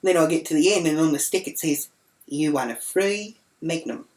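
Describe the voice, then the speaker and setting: Brash, foul-mouthed Australian woman with a low voice who rambles through a comic rant. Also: normal speed, darkish tone. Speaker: storyteller.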